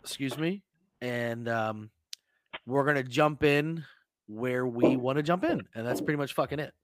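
A man hosting a podcast, telling a swearing, animated story in casual chat. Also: mid-range voice, a little slow, a little hiss or hum. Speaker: podcast host.

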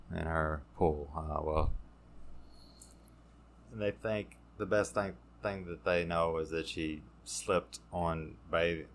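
A man, a podcast guest telling his recovery story in a halting, casual way, full of fillers and restarts. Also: deep voice, fairly bright tone, slight background noise.

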